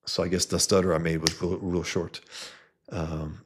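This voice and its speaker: A man's voice: low-pitched, level tone, moderate pace, background noise. A man from New York reviewing comic books on a live stream in a blunt, profane, enthusiastic way, stuttering on his S sounds. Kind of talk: casual live-stream commentary.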